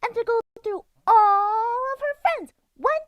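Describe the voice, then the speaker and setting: A woman voicing a giddy, hyperactive talking muffin in a comedy sketch, with a squeaky, bouncy, sing-song manner. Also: expressive, slow, lo-fi sound, exaggerated voice. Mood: insistent.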